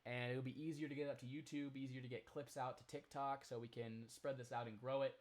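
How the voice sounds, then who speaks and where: A man co-hosting a casual sports podcast at an average pitch for a man. He talks in a rambling, opinionated way, trailing off and restarting his sentences. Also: little pitch movement, fairly quick. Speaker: podcast co-host. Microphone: remote recording, apart from co-host.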